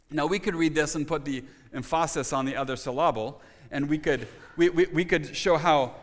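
A pastor delivers his sermon in a somewhat high voice, with the sound ringing out through a long, reverberant church hall. He preaches with emphasis, poses rhetorical questions and often restarts his phrases. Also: normal speed, few pauses.

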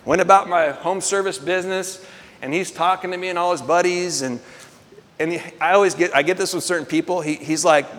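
A middle-aged man preaching, telling a story in a lively, animated way and acting out the voices he quotes. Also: sits high, a little fast, big-room sound. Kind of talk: storytelling sermon.

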